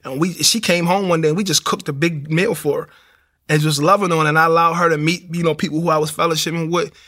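Gravelly, bright-voiced man telling his story. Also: fairly high pitch, quick pace. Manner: animated storytelling, acts out quotes. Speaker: guest sharing testimony. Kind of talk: casual testimony interview.

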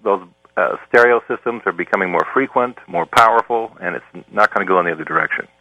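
A man, a professor guest on a talk show, explaining ideas in a measured, lecturing way. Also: lowish voice, no echo, lo-fi sound. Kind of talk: explanatory interview answers.

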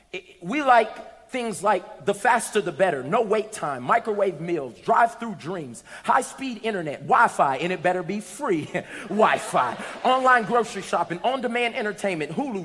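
High-voiced animated man preaching a sermon. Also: moderate pace. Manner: animated, humorous, call-and-response. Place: church. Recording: echoey hall.

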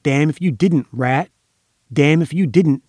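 A man's voice: mid-range voice, normal speed, no room sound, clean studio sound, close to an everyday voice. A man voicing a jeering male thug who snarls and growls his lines in an audiobook. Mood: snarling. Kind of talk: audiobook character voice.

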